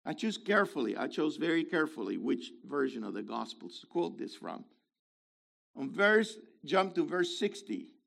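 A man preaching a sermon in an animated way, swinging between loud emphasis and quiet asides, with playful remarks along the way. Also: fairly high pitch, normal speed, creaky.

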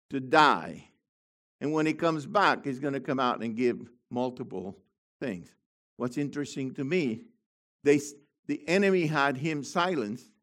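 A middle-aged man with a voice on the high side preaches a fervent sermon. He sinks into quiet asides, then rises to shouted proclamations.

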